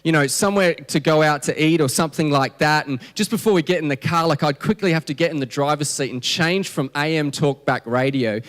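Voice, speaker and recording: A man's voice: fairly high pitch, a little fast, few pauses. A man in his thirties with an Australian accent, preaching a conversational, humorous sermon full of restarts. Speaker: pastor. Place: church hall. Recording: long church hall reverb.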